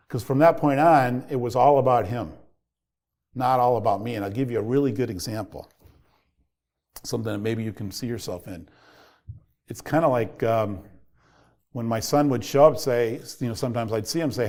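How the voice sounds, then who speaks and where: A man in his fifties speaking at a medium pitch. He coaches parents and tells his own story earnestly, reflective at first, then pressing harder when he stresses a point. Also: moderate pace, long pauses, a little mellow. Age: 50s. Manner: reflective, earnest, builds to heated emphasis. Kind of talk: personal storytelling talk.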